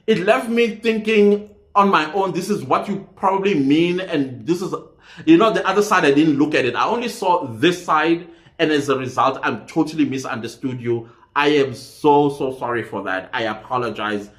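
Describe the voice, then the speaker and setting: A man's voice: on the high side, moderate pace, a bit bright, echoey room. A man hosts a channel, reading viewer comments aloud and reacting to them in casual commentary, often laughing.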